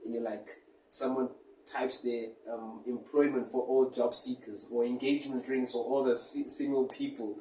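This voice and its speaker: Excitable South African man hosting. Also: medium pitch, moderate pace. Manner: excitable, chatty, lots of fillers. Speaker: host. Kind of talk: casual interview chat. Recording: echoey room, mic at a distance, faint noise.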